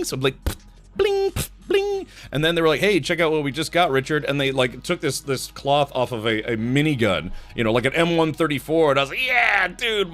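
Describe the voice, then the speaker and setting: A man's voice: mid-range voice, fairly bright tone. Tired, rambling male streamer. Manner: rambling, storytelling with mouth sound effects. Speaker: live-stream host. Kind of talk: casual live-stream chat.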